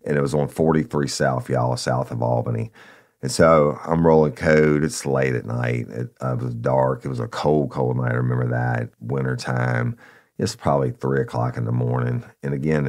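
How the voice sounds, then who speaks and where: A man casually telling a story from his police days, acting out the people involved and often saying "y'all". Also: extremely low pitch. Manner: animated retelling, acts out voices, says "y'all". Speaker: podcast host, former police officer.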